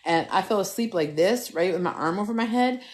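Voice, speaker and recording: A woman's voice: medium pitch, fairly quick. A middle-aged woman hosting a live stream from a phone at home, chatting casually and telling stories with lots of swearing, talking straight to her viewers. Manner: animated, profane, talks straight to viewers. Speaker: TikTok live host.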